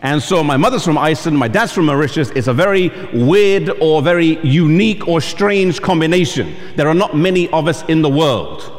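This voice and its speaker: A man's voice: on the high side, lively intonation, moderate pace, hardly any pauses. A man with an English accent, a pastor, preaching a sermon and telling stories with acted-out voices. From England. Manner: storytelling, acting out quoted voices. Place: camp meeting hall. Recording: long reverb in a large hall.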